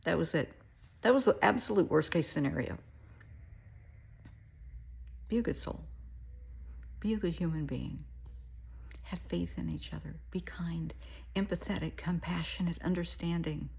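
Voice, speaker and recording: A middle-aged woman with a low, gravelly, very husky voice gives a heartfelt, folksy monologue. She often sinks into a soft, breathy near-whisper while telling her story. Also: moderate pace. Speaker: therapist.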